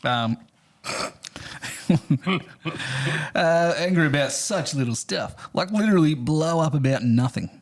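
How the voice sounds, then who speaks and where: A man's voice: a little high, lively intonation, slow pace, long pauses. A man co-hosting a casual podcast, reading a listener's story aloud and laughing often as he goes. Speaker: podcast co-host.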